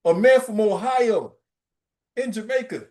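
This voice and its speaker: A man teaching a religious class in an informal, emphatic preaching style, often checking in with "right?" and telling lively, streetwise stories. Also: sits high, a little slow. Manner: emphatic, keeps asking "right?".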